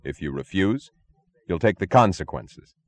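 A man doing a very deep, cold commander. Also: normal speed, dry recording. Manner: calm, hard, authoritative. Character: cold, commanding male rescuer. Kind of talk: audiobook character voice.

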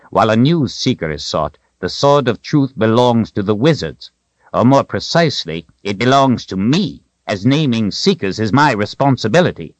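A man's voice: no echo, lo-fi sound. A man voicing an old wizard, raised and ringing. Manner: high, ringing proclamations, then wry, secretive asides. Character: old bony male wizard, proud and cryptic.

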